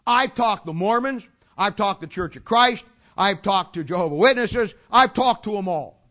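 Like something off an old church tape, this dull, lo-fi recording captures an older preacher's sermon. His high, bright voice has lively intonation at a moderate pace as he hammers points with repetition and folksy sayings.

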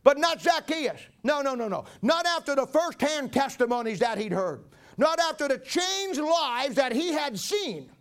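A man's voice: very high-pitched, big pitch swings, a little slow. A man preaching a sermon, retelling a Bible story in a dramatic, folksy way.

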